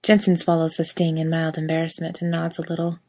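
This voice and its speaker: Woman reading fanfic out loud, kinda low voice, wry and lively. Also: a little fast. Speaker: reader. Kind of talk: reading fan fiction aloud.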